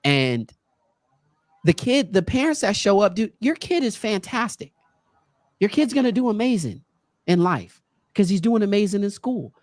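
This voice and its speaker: A man's voice: sits high, sing-song, moderate pace, long pauses, a little mellow, no echo, clean studio sound. A man who works as a guest speaker, telling stories casually and animatedly, often acting out other people in a raised voice. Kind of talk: casual storytelling. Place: podcast studio.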